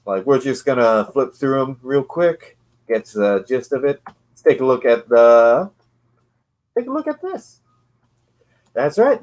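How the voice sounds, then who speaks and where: A man casually reviewing an old comic book, sarcastic and rambling, laughing often. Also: on the low side.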